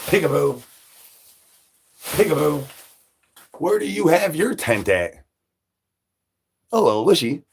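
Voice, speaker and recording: A man rambling through absurd nonsense banter on a comic live stream, breaking into sudden high shouted asides. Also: very animated, measured pace, pauses often, a little hiss or hum. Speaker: livestreamer.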